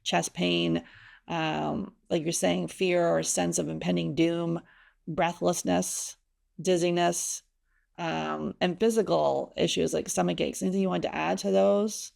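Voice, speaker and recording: A woman's voice: lowish voice, steady tone, measured pace, a little mellow. A woman hosting an interview, reading out a list of symptoms and inviting her guest to add more. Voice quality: gravelly. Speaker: podcast host.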